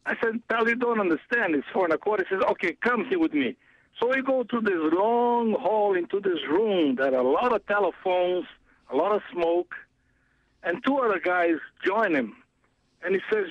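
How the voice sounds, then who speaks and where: A man with a foreign accent telling a lively story as a radio guest, laughing often and acting out the voices of others. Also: high voice, normal speed, dry recording, highs cut off. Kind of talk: storytelling on a talk radio show.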